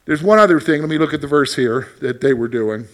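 A man leads a Bible study lesson with a slightly higher voice than most men. He talks in a conversational way and often puts questions to his class. When he voices God's words, he becomes animated. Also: fast. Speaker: Bible teacher.

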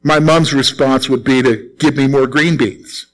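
A man's voice: mid-range voice, steady tone, measured pace, low-quality recording. A middle-aged man preaching a sermon as pastor, talking to his congregation in a conversational way and repeating his points. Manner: conversational preaching with repeated phrases and acted quotes.

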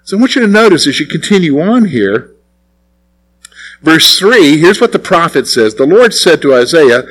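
A pastor with a somewhat high, sing-song, slightly bright voice preaches at a moderate pace in a recorded sermon broadcast on radio. He speaks conversationally and puts questions to his congregation, though the audio is poor.

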